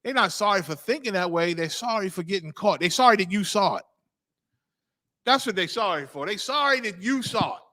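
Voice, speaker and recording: Emphatic, bright-toned male host. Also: sits high, lively intonation, brisk. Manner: emphatic, repeats phrases and asks 'you understand?'. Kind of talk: preaching commentary.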